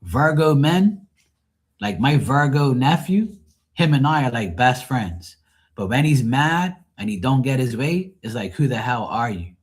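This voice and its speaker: A man's voice: medium pitch, big pitch swings, measured pace. A man hosting a live tarot stream, chatting casually with viewers in a blunt, profane, rambling way. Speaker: tarot reader and livestream host. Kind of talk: casual livestream chat with viewers.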